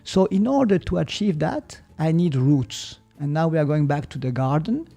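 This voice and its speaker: Swiss German-accented male guest, slightly high voice, unhurried and explanatory. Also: vocal fry, faint music behind. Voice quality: searches for words, mixes in German. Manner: calm, explanatory, hesitant. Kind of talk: reflective podcast conversation.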